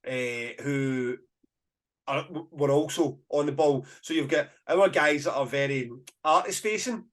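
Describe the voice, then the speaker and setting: A man's voice: fairly high pitch, unhurried. A Scottish man, a festival promoter, telling stories in a casual podcast chat with bursts of laughter. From Scotland. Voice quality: animated storyteller, bursts of laughter.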